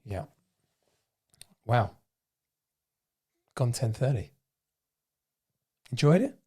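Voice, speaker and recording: A male podcast host chatting in a studio, his voice sitting at an ordinary middle pitch. He talks loosely and rambles, working out his thoughts as he goes. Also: sing-song, extremely slow, a little mellow, slightly rough. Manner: loose, rambling, thinks aloud. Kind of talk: casual chat.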